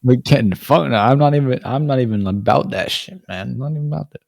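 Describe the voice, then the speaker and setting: A man's voice: medium pitch, fast talker, gravelly, a little mellow, no room sound, studio quality. A young man hosting a casual podcast chat with friends, rambling, stuttering and swearing a lot. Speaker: podcast host.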